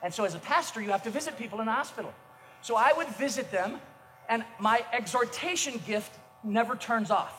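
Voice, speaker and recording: A middle-aged man preaching a sermon as a pastor, telling self-mocking stories with energy and bursts of shouting. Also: extremely high pitch, a little fast, faint music behind. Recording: echoey hall, faint noise.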